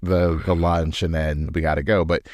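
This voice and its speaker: Man, co-host, casual chat, fairly low voice, dry sound, wry. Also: level tone, normal speed, dry recording. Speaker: podcast co-host.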